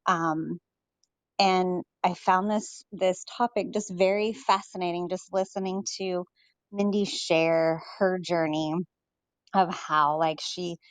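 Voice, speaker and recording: A woman guest in an online audio room, speaking gently and earnestly with frequent ums. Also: lowish voice, steady tone, takes it slowly, clear, resonant tone, no echo. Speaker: listener joining the stage. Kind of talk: casual chat.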